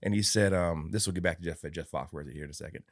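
A man's voice: low-pitched, fast, no echo, studio quality. A man co-hosting a podcast, rambling through stories in casual chat with plenty of fillers and swearing. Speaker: podcast co-host.

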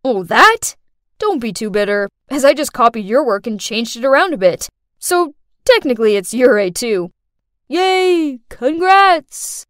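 A blunt, laid-back teenage boy in an animated story, as a woman puts him on. The voice sits high and swoops freely, tossing off lines in an offhand, breezy way. It sounds close and dry. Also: a little slow, no echo. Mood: teasing.

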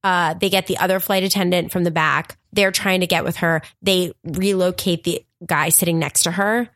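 A woman guest on a comedy podcast, telling a story in a casual, animated way, acting out quotes and laughing often. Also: fairly low pitch, normal speed, no room sound.

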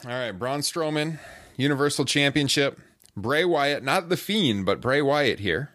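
A man's voice: medium pitch, lively intonation, measured pace, fairly bright tone, no room sound, clean studio sound. A man hosting a casual podcast, moderating and handing the turn to his co-hosts. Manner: moderating, passing turns to co-hosts. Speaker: podcast host. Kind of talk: casual wrestling podcast chat.

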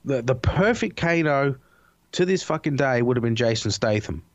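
A man's voice: mid-range voice, animated, moderate pace, dry recording, dull audio. A man in casual chat, laid-back and swearing constantly, with frequent restarts.

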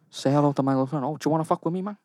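A man's voice: on the high side, a little mellow, dry recording, studio quality, voice pushed up, lightly acted. Tony Montana, a man doing a hot-tempered gangster. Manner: menacing taunts in a put-on gangster accent.

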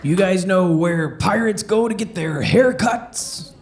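A man as a jolly high-voiced pirate comic. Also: a little hiss or hum. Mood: cheerful. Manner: repeats each question, then slows down for the punchline. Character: jolly joke-telling male pirate comedian. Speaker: comedian. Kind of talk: family-friendly pirate joke routine.

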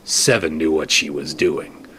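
A man giving a first-person scripted narration of an audio drama, steady and dry, with terse asides. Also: very deep voice, a little slow. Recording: noisy recording.

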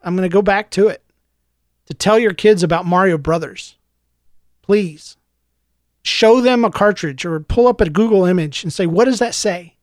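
A man's voice: high voice, normal speed, long pauses, dry recording. Ranting American man, dry close sound. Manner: opinionated, exasperated, lecturing. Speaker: podcast host. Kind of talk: ranting podcast monologue.

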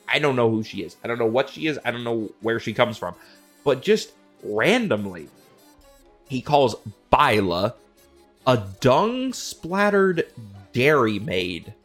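A male host riffs through a rambling, profane comedic monologue, sounding incredulous. His pitch jumps around a lot and his voice has a breathy edge, with faint music behind him.

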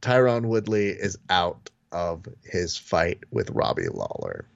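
Animated, gravelly podcast co-host man. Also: slow pace, no room sound, dull audio. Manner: animated, acts out quotes with falsetto and whispers. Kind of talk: casual chat.

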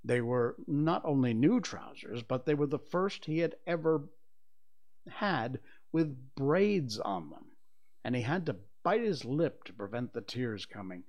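Slow, expressive male storyteller. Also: medium pitch, highs cut off. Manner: expressive, unhurried reading. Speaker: audiobook narrator. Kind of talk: storybook narration.

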